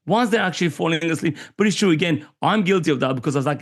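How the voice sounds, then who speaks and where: A man's voice: a little high, very fast, few pauses. A man in his forties from Armenia, talking as an interview guest in a somewhat raised voice. He tells stories with animation and slips into little impressions of the people he quotes. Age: 40s. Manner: animated storyteller who acts out quoted voices. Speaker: podcast guest. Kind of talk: candid conversational interview.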